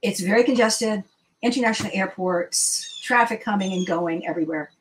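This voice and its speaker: A woman's voice: medium pitch, moderate pace, a little hiss or hum, rough recording. A woman from the Washington, D.C. area, a surgeon speaking as an interview guest, telling stories with emphatic rhetorical questions. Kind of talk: casual storytelling interview.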